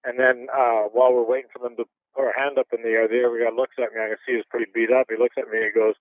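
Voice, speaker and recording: Animated man over a tinny phone line. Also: mid-range voice, very fast, no room sound. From Canada. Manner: animated storyteller, chuckles often. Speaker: interview guest, former boxer. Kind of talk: casual storytelling interview.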